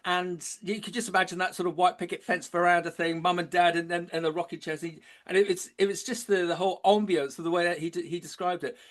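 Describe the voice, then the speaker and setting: A man's voice: high-pitched, fairly even intonation, quick pace, hardly any pauses. A man, a guest on a podcast, telling stories with enthusiasm and frequent restarts. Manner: enthusiastic storyteller, many restarts. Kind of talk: podcast interview.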